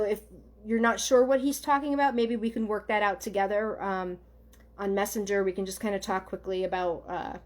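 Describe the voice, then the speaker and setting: Woman, psychic medium, live online reading, gentle, halting, mid-range voice. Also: medium pitch. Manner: halting, gentle, addresses viewers directly with many ums and okays.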